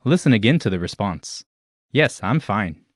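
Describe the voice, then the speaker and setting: A man with a very low voice reads a scripted language lesson in a clear, measured, instructional way. The recording is dry and close, with no room sound. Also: sing-song, no echo. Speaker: lesson narrator.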